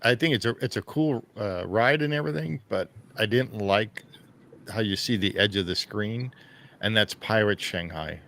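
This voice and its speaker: Gravelly man chatting over ride footage. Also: on the low side, normal speed, a little hiss or hum. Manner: relaxed, rambling, many restarts. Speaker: host.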